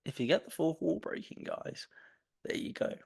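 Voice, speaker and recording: A man co-hosting a casual podcast, rambling and repeating himself with enthusiasm. His voice is gravelly and swings lively in pitch. The sound is dry and close. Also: moderate pace, no room sound. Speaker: podcast co-host.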